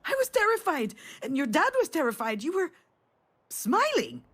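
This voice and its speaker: A woman voicing a mother in a video game, telling a family memory in a warm storytelling manner. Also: high voice, moderate pace, exaggerated voice. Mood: tender. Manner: warm storytelling, rising to excited cries. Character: tender mother remembering a family trip.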